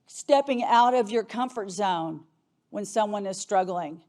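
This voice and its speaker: A woman's voice: medium pitch, unhurried, a little mellow. A middle-aged woman attorney giving an earnest conference talk, telling a story and shifting her pace and volume for emphasis. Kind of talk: emotional keynote storytelling.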